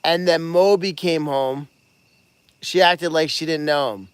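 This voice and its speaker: An excitable, chatty man hosts a casual livestream from an animal sanctuary barn. His voice sits a bit high for a man, and he thanks donors by name as he talks. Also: measured pace, clean tone, no room sound. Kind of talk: casual live-stream chat.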